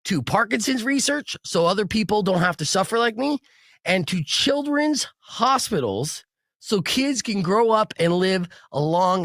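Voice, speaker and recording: A man's voice: high-pitched, fairly bright tone, dry recording, clean studio sound. A man hosting a rock radio show and podcast, talking in a rambling, jokey way with lots of fillers. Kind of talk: casual rock radio chat.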